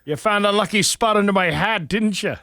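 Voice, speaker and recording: A man's voice: sits high, fairly quick, sharp tone. A male radio host playing a drunken, lecherous leprechaun with a fake Irish accent, in a bawdy morning radio comedy bit. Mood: leering. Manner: bawdy, boisterous, slurring joker. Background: bar sound effects.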